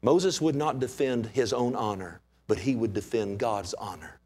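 A man preaching a sermon as pastor, animated and conversational, with many rhetorical questions. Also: mid-range voice, moderate pace, husky.

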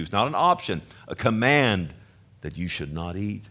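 A man with a Texan accent preaching a sermon with passion, moving from loud urging to quiet storytelling. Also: on the low side, very animated, normal speed. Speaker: pastor.

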